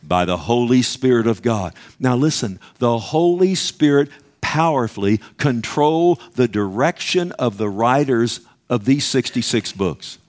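A man's voice: mid-range voice, lively intonation, measured pace, hardly any pauses, a little mellow. A man preaching a sermon, emphatic and conversational, often asking the congregation "Amen?" and acting out little dialogues.

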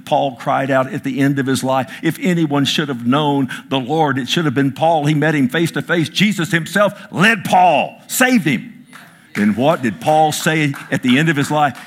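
A man preaching a sermon as pastor, talking with people in the crowd and asking for amens. He swings from loud, rising declarations to hushed whispers. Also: medium pitch, husky. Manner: quotes scripture and asks the crowd for amens. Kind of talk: sermon with audience interaction.

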